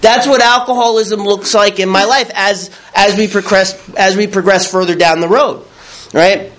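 Man, high voice, candid recovery talk, blunt, acts out his old thoughts. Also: measured pace. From New York. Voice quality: raw, blunt storytelling with crude words. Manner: animated, acts out his own past thoughts. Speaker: recovery speaker. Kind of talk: candid personal testimony.

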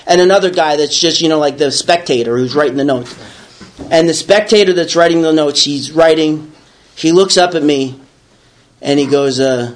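High-pitched man; lively first-person storyteller who acts out his own rants. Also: slight background noise. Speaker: recovery speaker.

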